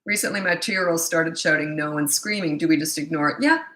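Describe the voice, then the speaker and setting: A woman's voice: low-pitched, fairly quick, fairly bright tone, roomy sound. A middle-aged woman parenting coach reading viewer questions and answering them in a blunt, opinionated, casual way.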